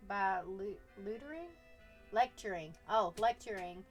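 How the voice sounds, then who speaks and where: A woman chats with her stream audience in a relaxed, unhurried way. She teases her viewers playfully and breaks into laughter often. Soft music plays faintly in the background. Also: medium pitch. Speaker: artist live-streaming and chatting with viewers. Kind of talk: casual live-stream chat.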